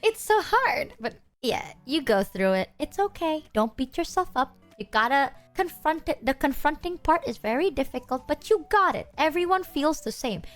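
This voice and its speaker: A woman's voice: sits high, big pitch swings, normal speed, few pauses, faint music behind. A young adult woman streamer talking candidly to her chat, swearing freely and joking at her own expense. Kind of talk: casual livestream chat.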